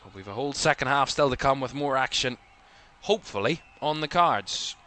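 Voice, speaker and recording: A man's voice: mid-range voice, animated, a little fast, sharp tone. A man with a Northern Irish accent from Belfast, hosting live watchalong commentary in a rambling way, full of fillers. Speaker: host.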